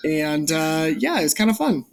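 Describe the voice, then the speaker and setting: A man's voice: fairly high pitch, very animated, normal speed. A man telling a story in a casual group chat.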